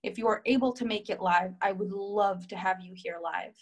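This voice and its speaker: A woman's voice: medium pitch, fairly even intonation, normal speed. A woman coaching a group call, encouraging her listeners and reading out their comments. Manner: warm, encouraging, reads out members' comments. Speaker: relationship coach.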